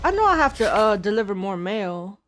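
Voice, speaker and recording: A woman's voice: medium pitch, sing-song, brisk, low-quality recording. A young woman streaming a video game, chatting nervously and talking to her character as she plays. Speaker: gaming streamer. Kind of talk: let's-play commentary. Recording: game sound and engine noise behind. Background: vehicle engine noise from the game.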